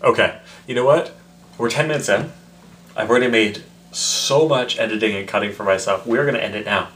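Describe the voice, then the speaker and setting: A man's voice: fairly low pitch, brisk, fairly bright tone, a little hiss or hum. A tipsy man rambling in a casual, self-mocking vlog. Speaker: vlogger.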